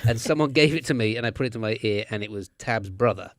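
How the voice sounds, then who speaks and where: Lower-voiced man telling on-set stories. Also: fast talker, no echo. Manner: storytelling, animated anecdotes with laughs. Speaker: actor guest. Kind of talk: casual chat.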